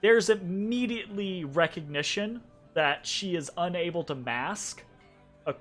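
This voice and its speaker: A man narrating a tabletop game as the game master in a relaxed, casual way, full of fillers and checks like "right?". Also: high voice, unhurried, soft background music.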